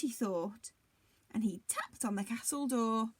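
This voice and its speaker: A teacher reading a storybook aloud to young children in an expressive, dramatic way. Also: female voice, a little high, unhurried, husky.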